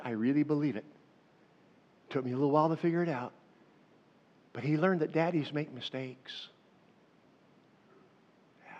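A man in his fifties preaching a sermon, telling stories animatedly and talking directly to his congregation. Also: a little high. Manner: animated storytelling, addressing the congregation. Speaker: pastor. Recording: echoey hall, dull lo-fi sound.

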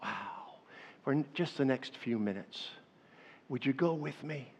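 Animated man preaching in a reverberant hall. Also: mid-range voice, moderate pace. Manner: animated, swings between hushed storytelling and loud calls to the crowd. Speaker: pastor. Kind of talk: sermon. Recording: dull sound with long hall reverb.

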